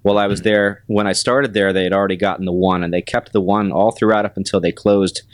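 A man in his forties, a restaurant manager and guest, telling stories in a measured way with many pauses and fillers. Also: fairly low pitch, fairly even intonation, no echo, studio quality. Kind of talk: casual interview storytelling.

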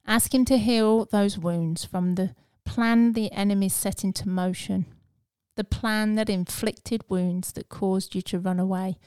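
Smooth-voiced woman giving an earnest devotional talk. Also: mid-range voice, fairly even intonation, measured pace, dry recording, clean studio sound. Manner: earnest, encouraging, softening to a hush. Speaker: podcast host.

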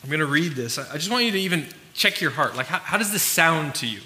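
Bright-voiced preacher in a reverberant hall. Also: male voice, on the high side, lively intonation, quick pace, a little hiss or hum. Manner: casual, conversational preaching with frequent restarts and fillers. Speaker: pastor. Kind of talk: sermon.

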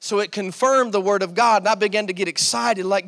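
A man with a high voice preaches to his congregation, often stopping to ask "Amen?" and pressing his points with "See,". The sound rings with a long reverb from the church sanctuary around him. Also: fairly quick, few pauses, a bit bright. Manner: call-and-response preaching, repeated "Amen?" and "See,". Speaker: pastor. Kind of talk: sermon.

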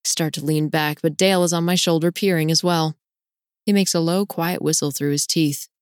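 A woman narrating a novel in the first person, reading expressively with sudden bright leaps of pitch. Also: fairly even intonation, a little fast, no echo, clean studio sound. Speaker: audiobook narrator.

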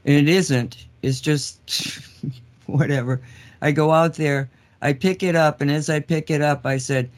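A man's voice: a little high, steady tone, a little slow. A man co-hosting a casual show, speaking earnestly and candidly, chuckling at his own remarks. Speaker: co-host. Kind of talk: casual call-in show chat.

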